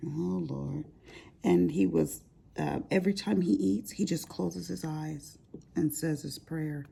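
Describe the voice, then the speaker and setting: A woman's voice: low-pitched, takes it slowly, creaky, mellow, slightly rough. An older grandmother chatting casually to her viewers as she crafts, rambling and laughing at her own asides. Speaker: crafting vlogger. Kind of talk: casual chat while crafting.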